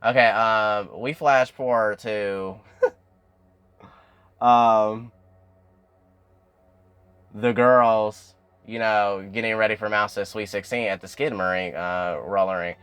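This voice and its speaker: A man's voice: fairly low pitch, steady tone, slow, long pauses, fairly bright tone, clear, resonant tone, no echo, soft background music. A man recapping a TV episode in a chatty, casual way, filling his talk with "like" and "and everything". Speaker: TV recap vlogger.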